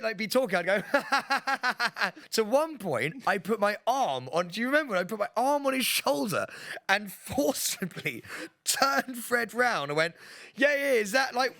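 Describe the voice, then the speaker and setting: A podcast co-host with a bright, lively voice that swings high and low as he spins anecdotes, laughing often. He sounds close and dry on a studio mic, with no room sound. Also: no room sound. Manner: laughs often while telling animated anecdotes. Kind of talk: casual chat.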